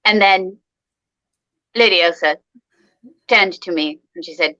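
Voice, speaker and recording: A woman's voice: lowish voice, measured pace, bright, forceful tone, dry recording, dull audio. A woman in playful in-character chat, telling a story with many ums and gasps. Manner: chatty, frequent ums and gasps. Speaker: performer in costumed character.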